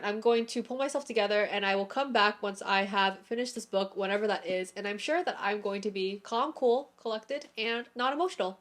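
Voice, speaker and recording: A woman's voice: mid-range voice, fairly quick. A young woman vlogging about books, gushing and emotional, laughing often as she talks. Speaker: book vlogger. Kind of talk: casual reading vlog with read-aloud passages.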